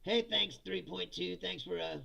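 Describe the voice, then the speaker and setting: With a high-pitched, bright, creaky voice and a forceful tone, a man hosts a live comedy stream on politics at normal speed. He reads the chat, mocks commenters with profane jokes and laughs frequently, all in dull lo-fi sound.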